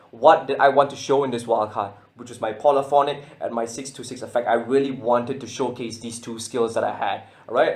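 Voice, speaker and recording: Excited beatboxer man, stuttery. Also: mid-range voice. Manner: excitable, stutters and repeats words. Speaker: beatboxer explaining his routine. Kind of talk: casual spoken breakdown.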